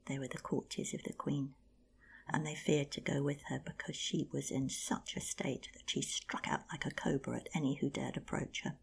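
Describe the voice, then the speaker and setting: A woman telling an old myth aloud in a hushed, half-whispered narration with a husky, gravelly voice. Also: very deep voice, flat delivery, normal speed, a little hiss or hum. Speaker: storyteller. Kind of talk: oral storytelling of a myth.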